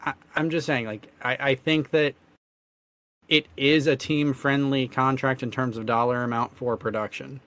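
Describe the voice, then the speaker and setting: Dude going hoarse while talking sports on a podcast, keeps clearing his throat. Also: mid-range voice, steady tone, normal speed, a bit bright. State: losing his voice. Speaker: podcast co-host. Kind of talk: casual sports chat.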